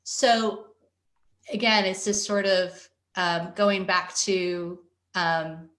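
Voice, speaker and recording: A woman's voice: mid-range voice, fairly even intonation, extremely slow, a bit bright. A woman coaching parents through a webinar, explaining steps earnestly and voicing a parent's worried inner thoughts. Her voice sits in a middle range. The video call carries a roomy echo. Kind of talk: webinar presentation.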